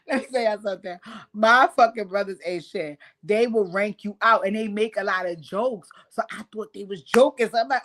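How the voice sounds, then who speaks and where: A woman's voice: mid-range voice, normal speed, a bit bright. A middle-aged woman, hosting and telling stories to her audience in a loose, profane way, laughing often as she goes. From New York. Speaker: host. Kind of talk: casual storytelling to a live audience.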